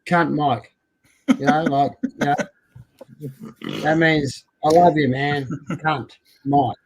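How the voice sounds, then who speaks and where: A man in casual chat among friends, loud and crude, teasing and swearing a lot. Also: a little high, steady tone, slow pace, husky, rough recording.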